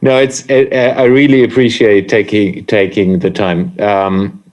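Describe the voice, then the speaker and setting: A man hosting a podcast, German his first language, asking questions in a friendly, halting way and repeating words. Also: lowish voice, flat delivery, a little mellow, dull audio. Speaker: podcast host. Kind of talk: casual interview.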